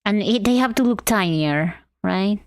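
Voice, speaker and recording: A woman's voice: mid-range voice, animated, unhurried, no room sound, clean studio sound. A woman from Argentina streaming live while drawing, chatting in a bubbly way and greeting her chat.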